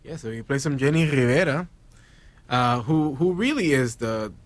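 A man's voice: mid-range voice, moderate pace, no echo. Laid-back male radio co-host. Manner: relaxed, agreeable, lots of "yeah". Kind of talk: casual radio chat.

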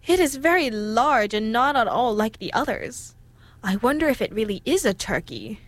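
Fretful mother duck, storybook, fussy, lively, woman reading aloud, higher voice. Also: normal speed, dry recording.

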